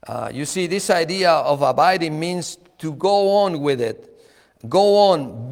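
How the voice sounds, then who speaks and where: A man preaching a sermon, slow and emphatic, repeating key words and chuckling now and then. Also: fairly high pitch, lively intonation, long reverb tail.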